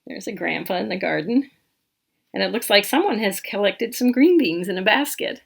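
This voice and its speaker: A woman reading a picture book aloud to small children in an animated, interactive way. She asks questions, points out details and counts along with them. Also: medium pitch, normal speed, vocal fry, breathy edge. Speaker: storytime reader.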